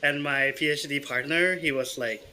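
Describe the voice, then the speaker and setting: A young man from Thailand with a Thai accent, co-hosting a podcast in relaxed chat with hesitant, filler-heavy phrasing. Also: a little high, moderate pace, slight background noise. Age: young adult. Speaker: podcast co-host. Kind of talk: casual chat.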